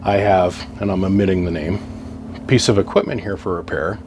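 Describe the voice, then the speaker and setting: A man's voice: sits low, moderate pace, background noise. A man chatting to camera in his home workshop, telling a long rambling story in a casual, salty way. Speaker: radio repair vlogger.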